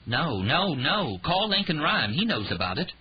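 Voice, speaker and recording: A man's voice: fairly high pitch, big pitch swings, normal speed, highs cut off, a little hiss or hum, voice pushed up. A man narrator voicing a frightened woman witness pleading urgently.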